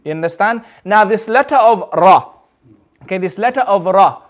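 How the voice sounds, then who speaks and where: A man with a fairly high voice and a British accent leads a recitation lesson. He speaks patiently, repeats each sound several times and keeps asking whether his class has understood. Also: expressive, normal speed. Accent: British English. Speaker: Quran recitation teacher.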